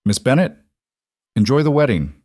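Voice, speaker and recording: A man's voice: very animated, normal speed, a little mellow, dry recording, clean studio sound, natural voice. Cold Russian-accented mob boss in a storybook, commanding and terse, played by the male narrator. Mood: cool command. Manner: clipped, low and controlled.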